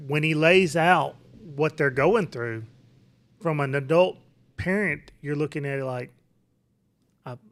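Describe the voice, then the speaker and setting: A man in his forties speaking as a father on a podcast, calm and reassuring as he gives advice. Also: on the high side, measured pace. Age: 40s. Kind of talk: casual advice talk.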